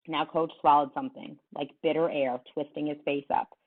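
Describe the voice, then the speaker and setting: A woman teacher reading a novel aloud to her class, with an expressive delivery. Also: deep voice, moderate pace. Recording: tinny phone-like sound.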